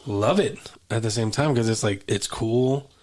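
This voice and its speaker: A man's voice: fairly low pitch, normal speed, darkish tone. A man with a Texan accent co-hosting a podcast, chatting casually and easygoing with playful jokes. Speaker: podcast co-host. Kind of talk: casual chat.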